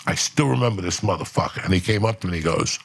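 Gravelly, profane storytelling man. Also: sits low, racing. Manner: profane, animated storyteller acting out quotes. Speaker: podcast guest. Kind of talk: storytelling on a comedy podcast.

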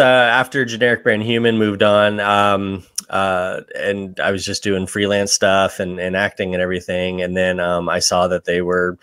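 A man's voice: low voice, fairly bright tone, clear, resonant tone, no room sound, clean studio sound. A man talking as a podcast guest in casual chat, easygoing and hesitant, with many fillers. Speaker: podcast guest, video editor.

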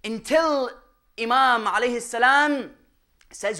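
A man giving a religious lecture, firing rhetorical questions at the audience and swinging between loud emphasis and hushed asides. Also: very high-pitched, big pitch swings, moderate pace. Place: mosque or Islamic center hall.

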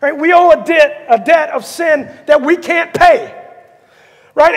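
A man with a strikingly high-pitched voice and a rough, gravelly edge delivers an animated sermon. He tells the story with energy and acts out the characters. His words hang in the long reverb of a church sanctuary. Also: a little slow. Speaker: pastor.

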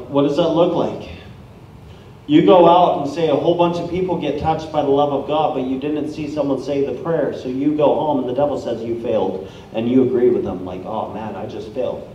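A man's voice: medium pitch, slight background noise. A man preaching a sermon, telling personal stories with energy and acting out the people in them. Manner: energetic, storytelling, acts out quoted people. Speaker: guest preacher. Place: church hall. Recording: echoey hall, from far off, dull sound.

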